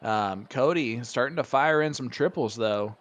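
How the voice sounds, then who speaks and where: A man with a Hoosier accent calls a darts match live, chatty and quick to laugh. His commentary is loose and excitable, with a playful edge. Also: mid-range voice. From Indiana.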